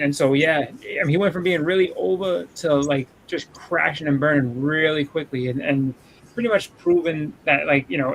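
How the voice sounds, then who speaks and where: A man chatting casually about wrestling, halting and full of restarts. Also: fairly high pitch, a bit bright, slight background noise, poor audio. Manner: halting, many restarts and fillers. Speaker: podcast co-host.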